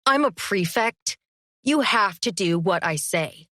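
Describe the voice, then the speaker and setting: A woman's voice: medium pitch, animated, slow, bright, forceful tone, no room sound, clean studio sound. A woman voicing an arrogant young male student prefect who talks with a sneer. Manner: sneering, pompous.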